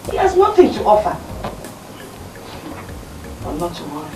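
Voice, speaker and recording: A woman's voice: mid-range voice, huge pitch swings, moderate pace, distant mic, heavy background noise. A woman plays a firm, scheming mother. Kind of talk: film drama acting. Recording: roomy, off-mic film audio with music.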